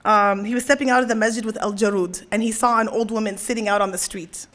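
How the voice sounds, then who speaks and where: A woman's voice: mid-range voice, steady tone, quick pace, a bit bright. A young woman giving a religious lecture at a convention, telling a story and often checking in with "right?". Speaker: convention speaker.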